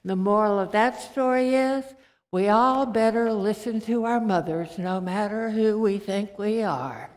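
A woman preacher giving a sermon with gentle storytelling and slow scripture reading. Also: mid-range voice. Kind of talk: sermon with anecdotes. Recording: reverberant hall.

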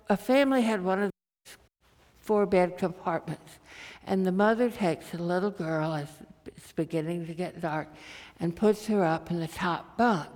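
Lady preacher telling a story in her sermon, real unhurried, echoey church sound. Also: mid-range voice, darkish tone. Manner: slow, deliberate storytelling delivery. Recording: reverberant hall.

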